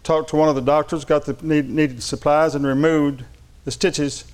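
Slightly high-voiced male preacher. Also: steady tone, moderate pace, a little mellow. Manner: reads funny anecdotes aloud and laughs along; shifts between light storytelling and earnest preaching. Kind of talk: sermon.

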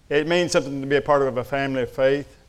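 A man's voice: medium pitch, clean tone. A middle-aged man preaching a sermon, telling folksy stories with humor. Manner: folksy storytelling with humor and Southern address. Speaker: pastor.

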